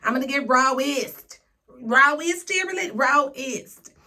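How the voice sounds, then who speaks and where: A woman's voice: high-pitched, expressive, a little slow, bright, forceful tone. A woman giving a casual, sassy tarot reading, talking straight to her viewers with playful slang. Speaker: tarot reader.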